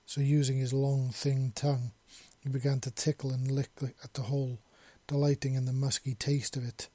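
Male narrator of a romance story with a dark, mellow, husky tone and an even delivery. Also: medium pitch, normal speed, dry recording.

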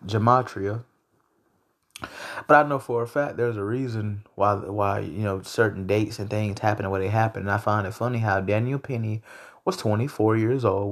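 Low gravelly man ranting casually. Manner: loose, profane, rambling, animated outbursts. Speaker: podcast host. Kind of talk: casual solo commentary.

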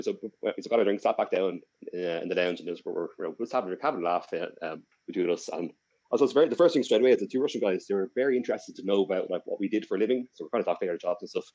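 A man's voice: low voice, a little mellow, muffled recording. A young Irish man co-hosting a podcast, telling a long story in a rambling, casual way with many restarts. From Ireland. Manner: rambling, with frequent restarts and fillers. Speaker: podcast co-host.

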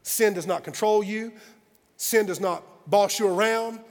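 A man preaching a sermon as pastor, emphatic and conversational, swinging from loud exclamations to quiet, earnest asides. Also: sits high, a little slow, big-room sound. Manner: conversational, confessional asides to the congregation.

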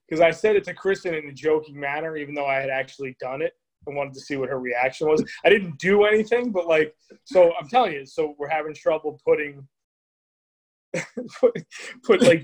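A young adult man co-hosting a chat, telling family anecdotes in a lively, laughing way. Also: fairly high pitch. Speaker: podcast co-host. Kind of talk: casual chat.

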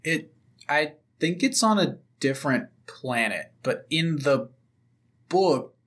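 A woman with a notably low voice co-hosts a podcast, dropping short, wry asides into a casual movie discussion. Her remarks are dry and brief. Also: expressive, slow, slightly rough. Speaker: podcast co-host.

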